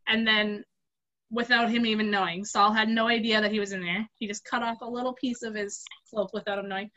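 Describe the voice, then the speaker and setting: An adult woman telling a Bible story to kids and leading a group talk, acting out the characters with a lively voice. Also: medium pitch, fairly quick, highs cut off. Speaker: youth group leader.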